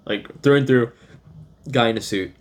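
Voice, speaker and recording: A man's voice: mid-range voice, moderate pace. A man in his thirties, a podcast co-host, rambling through a casual chat and laughing often. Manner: rambling, laughs often, does goofy voices when retelling scenes.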